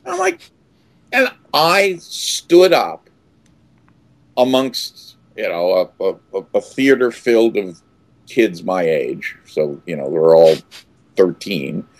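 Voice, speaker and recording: A man in his sixties tells stories in an interview with a low voice that swings widely in pitch. He restarts his sentences often and bursts into loud acted-out quotes. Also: huge pitch swings, slow pace. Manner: acts out quotes with sudden loud outbursts, many restarts. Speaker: actor being interviewed. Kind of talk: animated storytelling in an interview.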